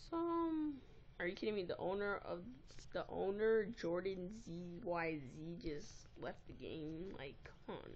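A woman giving casual, excitable and easily exasperated commentary while playing a game, recorded on a tablet's built-in mic. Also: on the low side, moderate pace, hardly any pauses, highs cut off, a little hiss or hum. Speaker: gameplay recorder.

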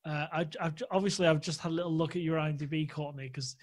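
Male podcast host, slightly high voice, polite, keeps the talk going with quick yeses. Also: steady tone. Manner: encouraging, polite, frequent short affirmations. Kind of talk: casual interview chat.

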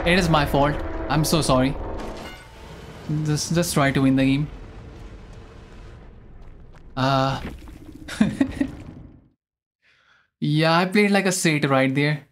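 A young man streaming a game live, chatting in a rambling, excitable way and often mocking his own mistakes. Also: a little high, noisy background. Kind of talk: live gameplay commentary.

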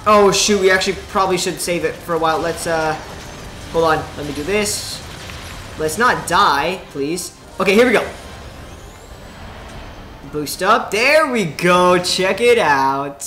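Excitable young man narrating a game. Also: high voice, measured pace, long pauses, a little hiss or hum. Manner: excitable, chatty, talks to the viewers while playing. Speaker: gaming video host. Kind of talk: let's play commentary. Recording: roomy home recording. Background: faint game music.

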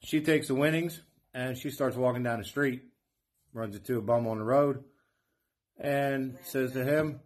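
Husky-voiced man telling a joke. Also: medium pitch, moderate pace.

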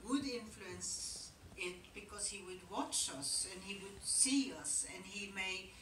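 A woman, telling stories reflectively in an onstage Q&A, pausing and restarting as she goes. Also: medium pitch, bright, forceful tone, a little hiss or hum. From Norway. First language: Norwegian. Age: 70s. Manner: reflective, halting, with pauses and restarts. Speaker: guest actress answering audience questions. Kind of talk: onstage Q&A storytelling. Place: large theater auditorium. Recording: echoey hall, picked up from far off.

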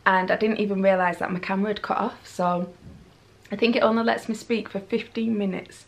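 A woman chats straight into her camera from home, her voice at an ordinary middle pitch. She rambles freely from one thought to the next and laughs at her own waffling. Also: steady tone, a little fast. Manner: rambling, chatty, self-deprecating. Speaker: lifestyle vlogger. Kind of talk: casual talk to camera. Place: at home, indoors. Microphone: handheld camera mic.

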